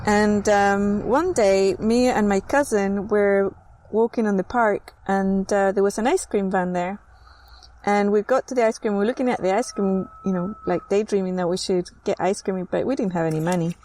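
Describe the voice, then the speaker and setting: A woman's voice: medium pitch, normal speed, slight background noise. A woman from Chile, telling a childhood story in casual chat and acting out the people in it. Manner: animated storyteller acting out quoted voices. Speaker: host.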